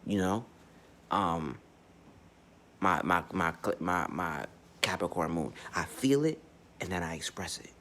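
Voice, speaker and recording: A man's voice: low voice, lively intonation, measured pace, long pauses, bright, forceful tone, slight background noise. A man giving a blunt, profane, unscripted astrology monologue, speaking emphatically and often restarting his sentences. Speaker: astrology vlogger.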